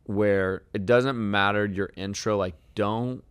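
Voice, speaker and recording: A man hosting a casual sales coaching talk, relaxed and encouraging, laying out his advice point by point. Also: on the low side, slow pace, smooth, dry recording. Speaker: sales trainer and host.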